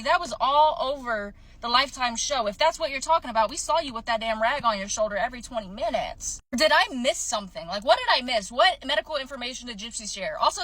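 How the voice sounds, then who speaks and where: A woman's voice: a little high, sharp tone. A woman giving sarcastic, slangy celebrity-gossip commentary to camera. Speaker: commentary vlogger. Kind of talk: casual commentary.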